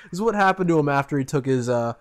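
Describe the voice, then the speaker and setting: Male co-host, slightly high voice, animated, quick with jokes. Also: clean tone. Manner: joking, laughs often. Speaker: podcast co-host. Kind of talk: casual chat.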